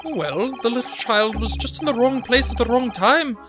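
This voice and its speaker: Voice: mid-range voice, expressive, normal speed, voice pushed up, lightly acted. A streamer voicing a boastful middle-aged Irish witness with a put-on Irish brogue and folksy turns of phrase. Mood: blustering. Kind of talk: reading game dialogue aloud on stream. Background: game music.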